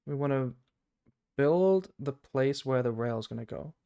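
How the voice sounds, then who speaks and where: A man's voice: mid-range voice, animated, a little slow, vocal fry, mellow, smooth, highs cut off. A man with a British accent streaming a game, thinking aloud in rambling casual chat. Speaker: gaming streamer.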